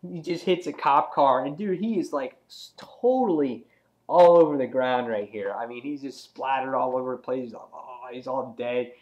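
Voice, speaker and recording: A man giving a casual, excitable comic book review, rambling with lots of "he's like" asides. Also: medium pitch, moderate pace.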